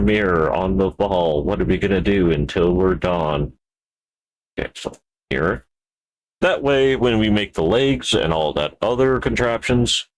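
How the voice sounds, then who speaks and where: A man streaming live while building a 3D model, talking to himself in a rambling, playful way with wordplay asides. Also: sits low.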